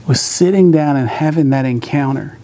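Man, middle-aged, youth sermon, storytelling, joking asides, slightly high voice. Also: normal speed, mellow, a little hiss or hum. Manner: storytelling with jokes, acts out voices. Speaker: youth pastor.

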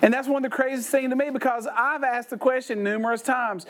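An older man, preaching through lively, folksy personal stories. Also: extremely high pitch, fairly quick. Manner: animated, folksy storytelling with laughs. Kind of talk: storytelling sermon.

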